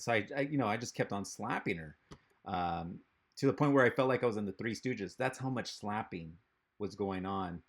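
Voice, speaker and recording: A man doing a stand-up comedy set over a video call, rambling and halting, with lots of fillers. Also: lowish voice, fairly bright tone.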